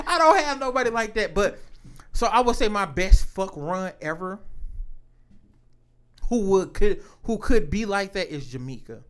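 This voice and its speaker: A man's voice: high-pitched, animated, moderate pace, fairly bright tone. A man co-hosting a crude casual chat, telling boastful stories and laughing often.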